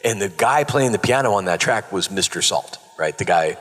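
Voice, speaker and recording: A middle-aged man, a former children's TV host, telling animated stories on a convention panel. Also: sits low, moderate pace. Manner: animated, laughing storyteller who acts out quotes. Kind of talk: casual panel storytelling. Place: large convention hall. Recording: long reverb of a convention hall.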